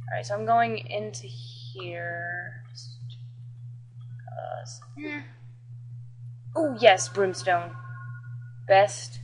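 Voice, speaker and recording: Brief: excitable woman gamer, casual running commentary, talkative and profane. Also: mid-range voice, slight background noise, poor audio. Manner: chatty, excitable, swears and jokes while playing. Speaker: gameplay commentator.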